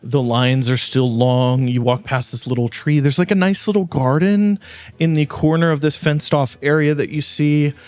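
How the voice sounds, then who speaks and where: A man's voice: on the high side, moderate pace, clean tone, no echo. A man running a tabletop game as game master, narrating scenes and slipping into character voices. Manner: animated, switching into character voices.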